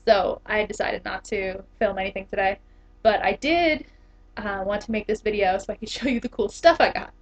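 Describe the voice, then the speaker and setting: A young woman in her twenties, an English teacher, chats casually to the camera in a vlog, giggling often and using plenty of fillers. Her voice is medium in pitch with a moderate pace. The dull, lo-fi camera audio sounds muffled.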